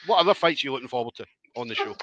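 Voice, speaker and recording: A man's voice: mid-range voice, very animated, very fast, fairly bright tone, no room sound, dull audio. A man interviewing a fighter in a chatty way, often saying "obviously" and "do you know what I mean". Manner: chatty, leans on 'obviously' and 'do you know what I mean'. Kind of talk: casual interview chat.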